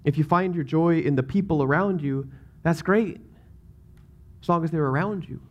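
A man's voice: a little high, normal speed, lo-fi sound. A man with a Southern US accent preaching a sermon as pastor, in a casual, rambling way that keeps interrupting itself.

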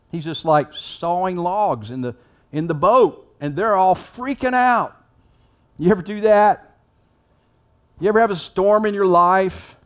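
A man's voice: sits high, lively intonation, moderate pace. A man giving a sermon as a pastor, preaching in a conversational way and acting out the story with rising intensity.

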